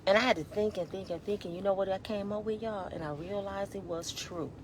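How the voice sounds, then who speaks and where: Brief: fervent woman in her fifties, preachy motivational talk, loud-to-hushed swings, on the edge of tears, faint noise behind. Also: medium pitch, a little fast. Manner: emphatic, exhorting, shifts between loud and hushed; colloquial, addresses listeners as y'all. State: near tears. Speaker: inspirational vlogger.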